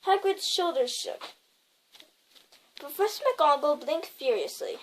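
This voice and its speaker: A woman's voice: sits high, animated, unhurried, a little hiss or hum, poor audio. A woman reading a novel aloud, stumbling over words and correcting herself as she goes. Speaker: reader.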